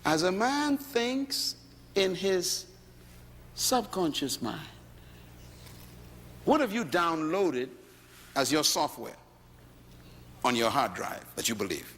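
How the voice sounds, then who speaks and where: Brief: Bahamian man preaching, lively swooping delivery, bright voice, big echoing hall. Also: on the high side, slow pace, pauses often, slight background noise. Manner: animated storytelling, rising to shouts. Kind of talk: sermon. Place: large hall before a congregation.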